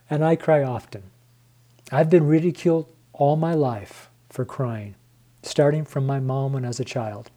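Slow, tearful, husky-voiced preacher man. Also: medium pitch, mellow. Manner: earnest, emotional, addresses listeners as friends. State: tearful, voice near crying. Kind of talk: devotional sermon to viewers.

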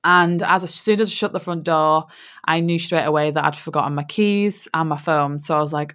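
Woman podcast host, lowish pitch, heartfelt storytelling monologue. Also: brisk, a bit bright. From England. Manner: heartfelt, many "you know" fillers.

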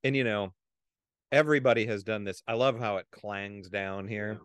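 A man's voice: lowish voice, steady tone, normal speed, a bit bright, smooth, dry recording. A man chatting casually through a movie commentary, laughing often and trailing off mid-sentence. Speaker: film commentator.

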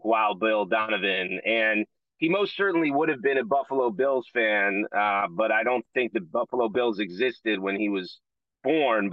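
A man's voice: mid-range voice, no echo, phone-quality sound. A man co-hosting a podcast, chatting casually and filling in background facts. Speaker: podcast co-host. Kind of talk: podcast interview.

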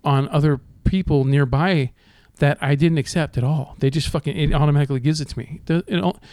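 A man's voice: a little high, brisk, a little mellow, dry recording, studio quality. A man in casual podcast chat, telling rideshare driving stories with lots of swearing and laughter. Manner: profane, laughing storyteller.

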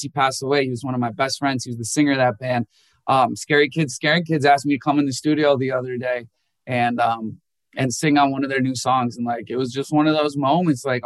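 A young man, a musician guest, telling candid and emotional stories and acting out quoted people in a raised voice. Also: no room sound. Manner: animated storyteller who acts out quotes in a higher voice. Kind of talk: candid emotional interview talk.

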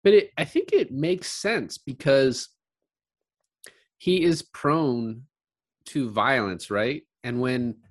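Man excitedly recapping a movie. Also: medium pitch, takes it slowly, long pauses. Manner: swearing, excited retelling of scenes. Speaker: podcast co-host. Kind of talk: casual movie discussion.

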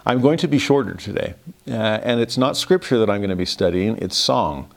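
Earnest, low-voiced man teaching. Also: lively intonation, a little fast, vocal fry. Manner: earnest, reflective, self-deprecating humor. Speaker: religious teacher. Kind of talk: devotional Christmas lesson.

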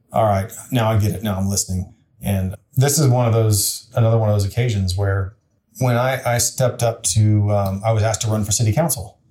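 A fairly low, mellow voice from a man in his forties who sits on the city council. Appearing as an interview guest, he shares a story frankly and conversationally, earnest and plain, with lots of restarts.

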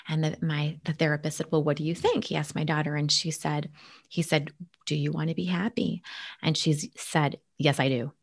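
A woman's voice: low-pitched, fairly quick, vocal fry. A woman telling a personal family story in casual conversation, earnest, sometimes dropping to a near-whisper. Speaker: guest sharing a family story.

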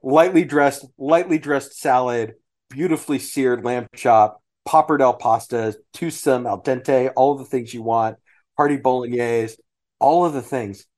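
Man hosting a food podcast, unhurried. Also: mid-range voice. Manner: relaxed, restarts phrases while listing dishes. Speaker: podcast host. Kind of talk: casual chat.

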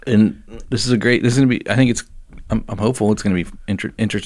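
A man's voice: on the low side, fairly even intonation, racing, darkish tone. A man co-hosting a podcast in casual chat, easygoing and often laughing between lines. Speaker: podcast co-host.

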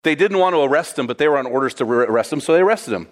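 Male preacher, casual and animated, talks straight to the congregation. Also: mid-range voice, racing. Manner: lively, conversational, addresses listeners as guys. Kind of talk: sermon storytelling.

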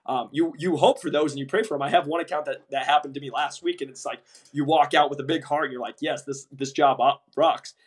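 A young man co-hosting a casual podcast about medical device sales, telling lively stories and acting out the people he quotes. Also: on the high side, fast talker, husky. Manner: animated storyteller, acts out quoted voices, swears casually.

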